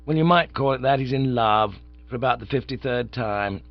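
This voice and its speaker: A man's voice: mid-range voice, moderate pace, soft background music, natural voice. A man voicing a breezy, easily flustered young upper-class idler who sounds exasperated, in a dull, dry recording.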